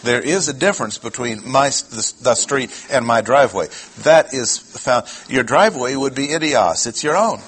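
A man preaching a Bible teaching sermon, speaking deliberately and emphatically, slowing down to stress key words and putting questions to his listeners. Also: mid-range voice, animated, fairly bright tone, slightly rough, poor audio. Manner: asks the audience questions.

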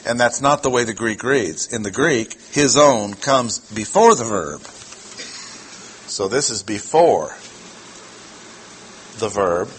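A man preaches a Bible teaching sermon deliberately and emphatically, slowing to stress key words and putting questions to his listeners. His voice is fairly low, lively, and a bit bright, on a rough recording with a little hiss or hum.

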